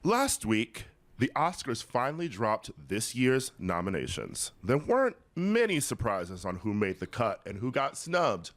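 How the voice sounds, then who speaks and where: A man's voice: mid-range voice, sing-song, unhurried, dry recording. A man co-hosting a podcast in a campy, teasing way, his voice swinging up and down with plenty of giggles. The sound is dry and close to the mic. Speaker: podcast co-host. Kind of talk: casual chat.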